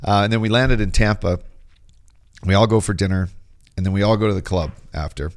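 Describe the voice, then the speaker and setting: A man's voice: on the low side, steady tone, fairly quick. A man co-hosting a podcast, a former pro hockey player telling a story in casual, profane, rambling chat.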